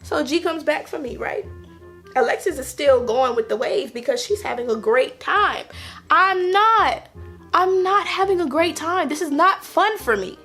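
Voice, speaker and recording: A woman casually telling a personal story to camera, animated, acting out quotes in a higher voice and laughing between lines. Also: measured pace, soft background music.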